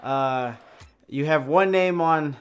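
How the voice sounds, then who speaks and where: Excited young male esports caster. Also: fairly high pitch, takes it slowly, clear, resonant tone, soft background music. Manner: excitable, shouting on big plays, then chatty and joking. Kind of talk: esports play-by-play and post-match interview.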